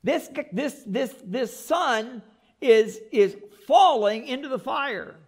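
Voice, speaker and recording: A male pastor preaching a sermon in an animated way, repeating words and adding joking asides. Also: very high-pitched, takes it slowly.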